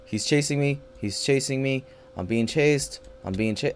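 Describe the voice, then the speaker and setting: A man's voice: medium pitch, normal speed, few pauses. A man giving live gameplay commentary, swearing constantly and swinging between panicked yelps and frustrated grumbling. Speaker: gaming channel host.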